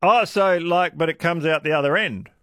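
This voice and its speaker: A man with an Australian accent hosting a talkback radio show, chatty and quick to laugh. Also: fairly high pitch, no room sound, studio quality. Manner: chatty, laughs easily, lively. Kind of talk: casual talkback radio chat.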